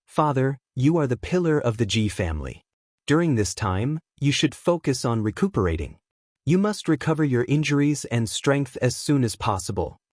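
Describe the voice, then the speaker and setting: A man's voice: mid-range voice, big pitch swings, moderate pace, darkish tone, no room sound, studio quality. A man voicing an earnest teenage clan heir. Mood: concerned. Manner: earnest and concerned. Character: dutiful seventeen-year-old clan heir, earnest.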